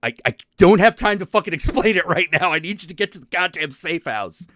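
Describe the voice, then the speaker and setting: A man voicing a bossy male ghost who possesses the hero and gives curt, hurried orders. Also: high voice, animated, a bit bright, dry recording, clean studio sound, voice pushed up. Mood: urgent.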